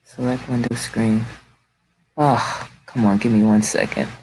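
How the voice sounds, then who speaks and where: A man hosts a casual live chat over a video call. His speech is halting and distracted, with frequent restarts and pauses. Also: medium pitch, level tone, darkish tone, a little hiss or hum, low-quality recording. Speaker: show host sharing his screen.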